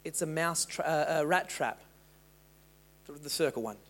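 A man preaching a sermon as pastor, moving between loud rousing passages and slow, quiet meditative reading. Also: a little high. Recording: long hall reverb.

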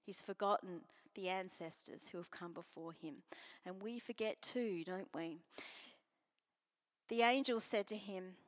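A woman preaching a sermon and reading scripture, earnest, moving from strong emphasis to soft near-whispers. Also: mid-range voice, measured pace. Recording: long hall reverb.

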